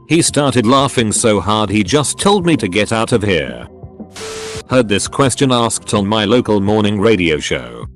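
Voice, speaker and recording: A man narrating a series of short anecdotes as scripted narration. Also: lowish voice.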